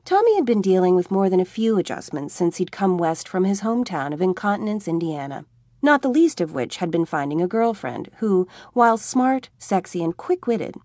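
A woman narrating an audiobook with an expressive, wry comic reading. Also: on the low side, normal speed, no room sound, clean studio sound. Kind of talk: scripted narration.

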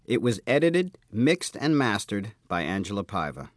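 A male announcer reads the program's closing credits. His pitch moves in a lively way, and his delivery is measured. The recording is dry and close. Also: no room sound.

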